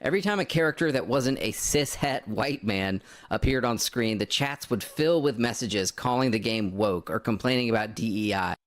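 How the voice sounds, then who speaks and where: Brief: male voice, mid pitch, flat reading of a forum post. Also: normal speed, few pauses.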